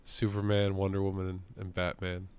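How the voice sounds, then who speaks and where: A man's voice: low voice, completely flat delivery, brisk, smooth. A young man in casual, profane chat about comics, laughing often and acting out lines he quotes.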